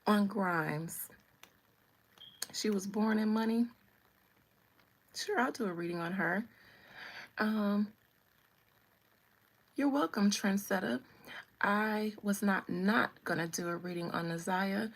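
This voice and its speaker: A woman hosts a casual live stream as a tarot reader, answering her chat with sassy, teasing banter. Her voice has a gravelly edge and a husky, breathy texture. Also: fairly low pitch. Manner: sassy and playful, teasing viewers.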